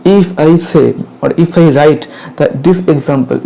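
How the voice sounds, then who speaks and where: A man with an Indian English accent explains grammar at a very slow, deliberate pace, going over each point several times. His voice sits a little high but sounds mellow and dark. He keeps checking in with his students. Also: poor audio. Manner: repetitive, drills points, checks with "clear?".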